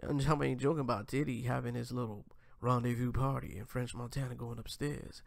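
A man's voice: mid-range voice, fairly even intonation, a little fast, gravelly, dry recording, clean studio sound. A man hosting a casual commentary show, reacting to clips and talking straight to viewers in slangy, profane talk. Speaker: host.

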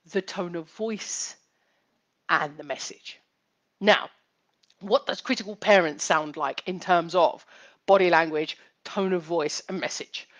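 Woman explaining in a live-streamed teaching talk. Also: medium pitch. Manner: explanatory, repeats key points, asks rhetorical questions. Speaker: psychotherapist hosting a live chat.

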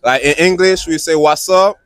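A man's voice: a little high, moderate pace. A young man from Belize with a Belizean accent, running a casual street interview outdoors and teasingly drilling phrases with strangers. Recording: street noise, music playing behind.

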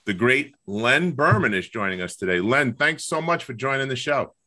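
A man's voice: mid-range voice, big pitch swings, moderate pace, pushed and bright. A man with a Long Island accent hosting a podcast, enthusiastic and repetitive, on a video call. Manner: enthusiastic, repeats himself. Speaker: podcast host. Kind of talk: casual chat.

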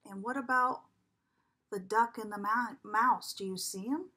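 A preschool teacher reading a picture book aloud to young children, asking them coaxing questions and dropping now and then to a whisper. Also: female voice, mid-range voice, breathy edge. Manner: animated, slow, coaxing questions to children, drops to a whisper at times.

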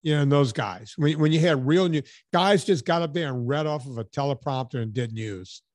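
A man's voice: fairly high pitch, brisk, no room sound. Ranting man hosting a podcast. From Louisiana. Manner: animated, ranting, profane. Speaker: podcast host. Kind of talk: casual chat.

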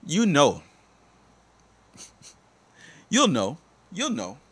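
A man delivers a motivational talk in the cadence of a sermon, pressing each point again and again. His voice sits a little high and swings widely in pitch as he exhorts the listener. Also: wildly swooping pitch, very slow, husky. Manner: emphatic, repetitive, exhorting. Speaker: life coach. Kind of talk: motivational preaching.

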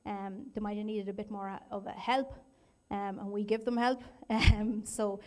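A woman fields questions from the floor at a conference. Her pitch barely moves, so her delivery sounds even and level. She answers plainly and leans on small fillers as she goes. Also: normal speed. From Ireland. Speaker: researcher answering audience questions.

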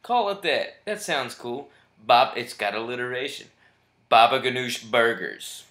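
A man's voice: mid-range voice, expressive, a little slow, echoey room. A drunk man with a Southern US accent, rambling and swearing loosely in a casual vlog rant. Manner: profane, rambling, jumps between loud and mumbled.

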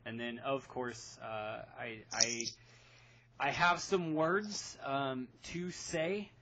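A man hosting a casual podcast, talking in an excitable, rambling way with quick laughs. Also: mid-range voice, background noise. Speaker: podcast host. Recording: dull lo-fi podcast audio.

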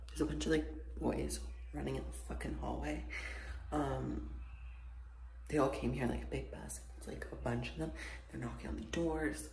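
A young man with a raspy voice, chatting casually to his vlog camera, swearing and dropping to whispers. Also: mid-range voice, fairly even intonation, moderate pace, darkish tone, slight background noise. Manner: frequent "like" fillers, swearing, drops to whispers. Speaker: vlogger.

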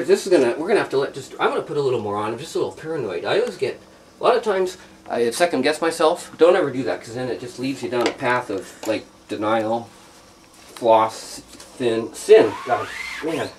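Guy rambling through a diy demo in a workshop, goofy asides, mid-pitched voice, faint hiss behind. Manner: rambling, joking, self-deprecating asides. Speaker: host of a how-to show. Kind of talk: casual hands-on demonstration.

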